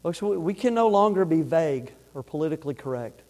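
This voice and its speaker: A man with a notably high voice delivers a sermon from the pulpit of a church. His talk is folksy and plain-spoken, and it swells into loud, emphatic exhortation. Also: expressive, fast talker. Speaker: pastor. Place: church sanctuary.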